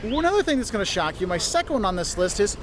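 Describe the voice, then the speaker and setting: A man's voice: high-pitched, big pitch swings, quick pace. A man hosting a travel video outdoors in a city, talking in a chatty, emphatic way. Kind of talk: travel vlog presenting. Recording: street traffic noise behind.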